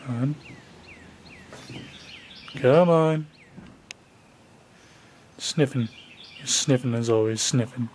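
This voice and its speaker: A man's voice: mid-range voice, steady tone, normal speed, a little hiss or hum. A young man filming his cat at home, chatting casually and coaxing it in a raised voice, recorded on a handheld camera. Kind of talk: casual home video commentary. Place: family home indoors.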